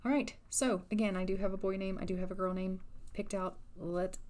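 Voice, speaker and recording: A woman's voice: mid-range voice, little pitch movement, brisk, a little mellow. A woman narrates a life-sim game playthrough in a casual, chatty voiceover. She teases and scolds her characters with mock exasperation, in an ordinary mid-range voice. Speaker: gameplay narrator. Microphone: voiceover recorded after gameplay.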